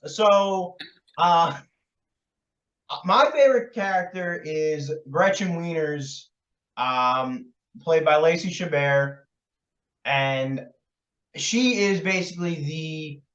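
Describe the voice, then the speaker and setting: A man co-hosting a podcast, chatting loosely about a film with lots of fillers and laughs. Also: on the high side. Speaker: podcast co-host. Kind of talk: casual chat about a film. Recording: roomy, distant, dull lo-fi sound.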